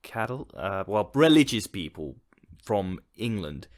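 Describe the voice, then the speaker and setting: Deadpan Finnish man with a low voice. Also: measured pace. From Finland. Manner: deadpan joking. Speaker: podcast co-host. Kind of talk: casual chat.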